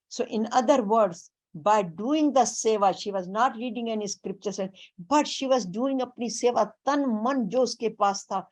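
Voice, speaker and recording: A woman giving a spiritual talk, speaking deliberately and weaving in Sanskrit and Hindi terms. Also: fairly high pitch, darkish tone. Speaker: spiritual teacher.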